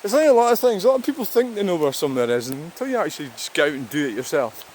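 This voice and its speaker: A man's voice: fairly high pitch, very animated, darkish tone. A Scottish man chatting casually as he walks outdoors by a river, rambling, swearing now and then, and talking to the camera. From Scotland. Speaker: vlogger. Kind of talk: casual walking vlog talk. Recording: rushing stream noise outdoors.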